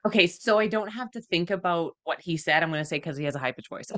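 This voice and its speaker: A woman with a slightly low voice chats casually as a podcast co-host. She rambles, laughs a lot and guesses her way through stories. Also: expressive, quick pace, fairly bright tone. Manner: rambling, giggly, guessing plots. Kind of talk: casual chat.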